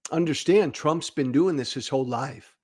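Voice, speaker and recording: A man's voice: fairly high pitch, normal speed, darkish tone. A man hosting a political commentary show, talking bluntly and candidly, often repeating words for emphasis. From United States. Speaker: podcast host and political commentator.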